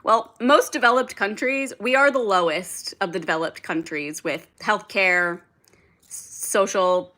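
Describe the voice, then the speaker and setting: A young woman chats on a livestream in a bright, sharp voice. She rambles loosely, leans on "like" constantly and swears freely as she answers comments from her viewers. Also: medium pitch, a little slow. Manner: rambling, heavy filler "like", frequent swearing, reads and answers chat. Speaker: livestream host. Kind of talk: casual livestream chat.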